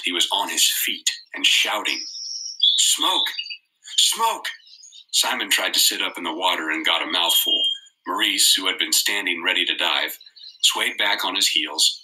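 Low-voiced man reading a novel. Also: bright, forceful tone, low-quality recording. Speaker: reader.

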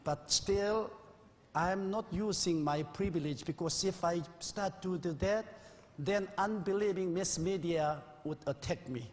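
A man's voice: high voice, unhurried. A man in his sixties, a pastor preaching an earnest, confessional sermon in a church sanctuary. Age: 60s. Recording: old VHS recording with long reverb.

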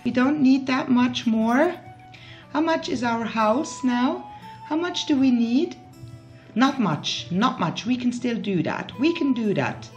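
A woman's voice: a little high, animated, slow pace, a little mellow, dull audio. A woman from Switzerland giving casual let's play commentary, chatting to her game characters with emotional outbursts. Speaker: gaming YouTuber. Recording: faint background music.

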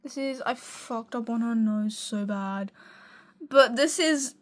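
Tired, giggly young woman with a high voice touring her sketchbook on camera. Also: takes it slowly. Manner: excitable, giggly, gushing. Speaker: art student showing a sketchbook. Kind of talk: casual sketchbook tour chat.

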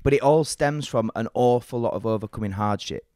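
Man, podcast host, casual chat, encouraging, mid-pitched voice, dry close mic. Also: fairly quick, dark tone, no room sound. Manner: enthusiastic, encouraging questioner.

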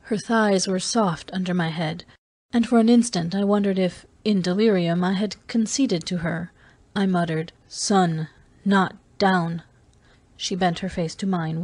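Low-voiced woman reading a novel. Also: darkish tone, breathy edge, no echo. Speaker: audiobook reader. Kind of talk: first-person novel narration.

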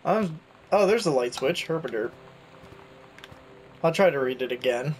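A young man who makes gaming YouTube videos chats and jokes through a let's play of a video game, reading his notes aloud as he goes. His voice is a little high and expressive at a normal speed, with a little hiss or hum in the audio.

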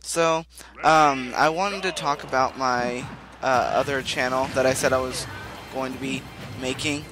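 A man's voice: medium pitch, fairly even intonation, unhurried. A young man hosting a casual let's play, talking loosely with many ums and uhs. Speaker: gaming channel host. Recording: game music playing behind.

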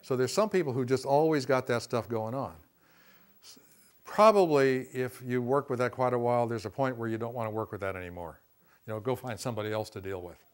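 A man's voice: mid-range voice, fairly quick. Folksy man teaching a class. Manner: folksy, peppers talk with "see" and "you know", acts out quotes. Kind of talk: classroom lecture.

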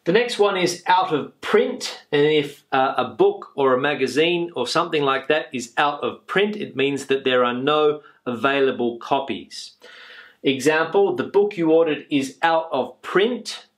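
A man's voice: on the high side, unhurried, a bit bright. Male English teacher, patient and repetitive, explaining phrases with filler words. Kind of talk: video English lesson.

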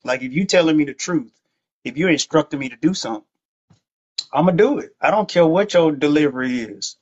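A man's voice: fairly high pitch, brisk, a little mellow, dull audio. A man hosting a faith podcast, chatting in a laid-back, joking, slangy way. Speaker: host.

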